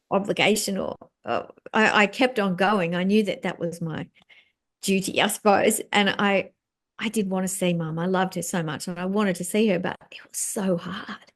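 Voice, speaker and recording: A middle-aged woman speaking as a guest in an interview, talking frankly and reflectively, with soft laughs and plenty of fillers. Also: medium pitch. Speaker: author and guest. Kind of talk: candid conversational interview.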